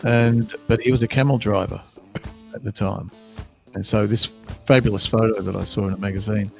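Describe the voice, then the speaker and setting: Gravelly Australian musician, wry. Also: male voice, on the low side, a little fast, soft background music. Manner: relaxed, wry, laughing storyteller. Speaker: band musician. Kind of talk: casual interview chat.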